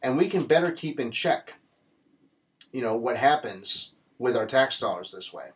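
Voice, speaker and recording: A man's voice: medium pitch, animated, normal speed. A man giving a casual political commentary monologue, earnest and rambling, with many restarts.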